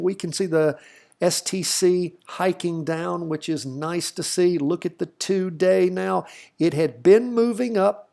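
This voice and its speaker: A man's voice: fairly high pitch, vocal fry, a little mellow. A middle-aged man with a slight Southern accent, giving folksy, chatty market commentary as host of a trading channel. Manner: folksy, chatty, thinks aloud with fillers. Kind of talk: casual market commentary over charts.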